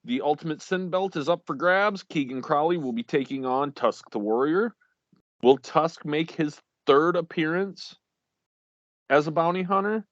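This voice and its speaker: A man's voice: fairly high pitch, moderate pace, fairly bright tone, no room sound, muffled recording. A man co-hosting a casual podcast, reading out league champions while stumbling over names and laughing at himself.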